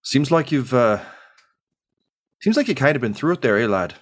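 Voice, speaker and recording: A man's voice: mid-range voice, very animated, normal speed, voice pushed up, lightly acted. A man voicing a folksy, affectionate middle-aged farmer father who talks in a rambling, tender way.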